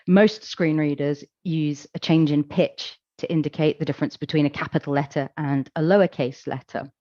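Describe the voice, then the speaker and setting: A woman's voice: sits low, warm tone, no echo, dull audio. Woman explaining at a tech conference. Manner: explanatory, demonstrating examples, casual asides. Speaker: accessibility conference speaker. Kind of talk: conference talk.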